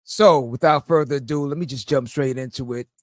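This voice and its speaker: A man from New York, host of a casual podcast, telling stories with lots of laughter and animated voices. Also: medium pitch, fairly quick, no room sound. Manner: laughs often, animated storytelling with put-on voices. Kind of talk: casual chat.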